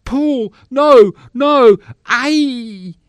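A man's voice: extremely high pitch, extremely slow, clear, resonant tone, no room sound, studio quality, pitched above the performer's own voice, exaggerated voice. A man voicing a frightened young stage actress who pleads and screams in a melodrama scene, in a storybook reading. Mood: terrified.

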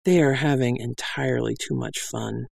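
Reader voicing a cocky woman warrior, low hushed tone, gravelly, dry close sound. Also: very animated, fairly quick, no room sound. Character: tough female warrior companion, dry and cocky.

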